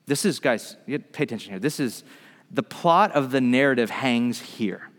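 A man preaching a sermon, telling the story in a lively, animated way and acting out the voices in the quotes. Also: medium pitch, normal speed. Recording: long hall reverb.

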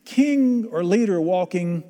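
Male pastor, sermon, higher voice, talks with the congregation and asks them questions, reverb-heavy room. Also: expressive, takes it slowly, mellow. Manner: conversational, quizzes the congregation.

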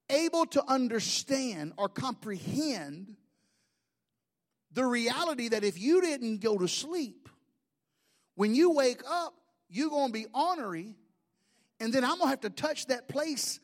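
A man's voice: very high voice, measured pace, long pauses. A middle-aged man, preaching a sermon in a folksy, humorous storytelling way. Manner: folksy, humorous, animated storytelling with mimicked voices. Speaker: pastor.

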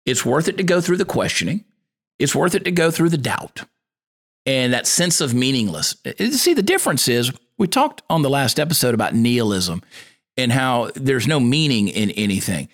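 A man's voice: medium pitch, sing-song, moderate pace. Folksy man preaching motivation. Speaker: podcast host. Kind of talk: motivational podcast monologue.

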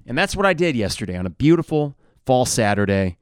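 A man's voice: medium pitch, very animated, brisk, clean tone, dry recording, clean studio sound. A middle-aged man hosting a sports podcast, casually reading listener replies aloud with wry asides. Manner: wry, conversational, reads out comments one after another.

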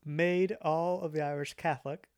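A young man co-hosting a podcast in casual chat, telling jokes deadpan and laughing at his own bits. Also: a little high, moderate pace, clear, resonant tone. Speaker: podcast co-host.

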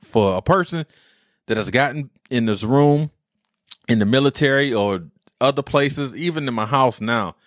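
A man's voice: medium pitch, normal speed, dry recording, studio quality. A man in his forties, a podcast host, telling personal stories in a rambling, heartfelt way with military slang. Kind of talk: casual monologue.

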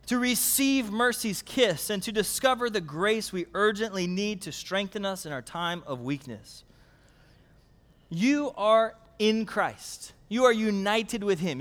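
Man, pastor, high-pitched, middle-aged, animated sermon, repetitive building phrases. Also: big-room sound. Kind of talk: sermon with personal stories. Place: church service.

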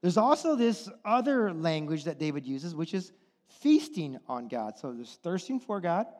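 Male pastor, high voice, fiery sermon, long reverb of a church hall. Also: sing-song, normal speed. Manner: impassioned, swings from hushed to near-shouting.

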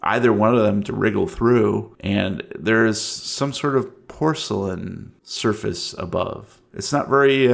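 Man, game master, slow measured narration, gravelly voice, horror tabletop game. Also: on the low side.

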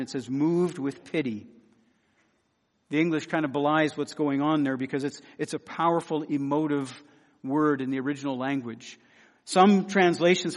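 An earnest man delivering a sermon, his voice sitting a touch high for a man. He leans on repeated phrases for emphasis and sinks into hushed, pleading tones. A long reverb trails each phrase. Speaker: preacher.

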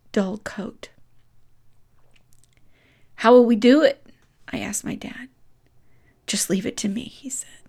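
A woman's voice: medium pitch, vocal fry. A woman telling a personal story from her childhood, emotional and often dropping to a whisper.

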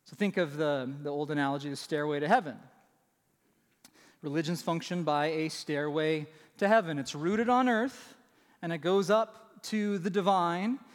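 A male pastor delivers his sermon in a conversational way, often turning to the congregation with quick asides. His voice sits a bit higher than most men's. It rings out with a long reverb in a large church sanctuary.

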